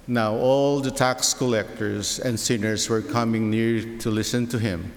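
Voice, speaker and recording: A man giving a measured scripture reading during a church service, with a few small slips. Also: fairly low pitch, steady tone. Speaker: scripture reader. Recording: long church reverb.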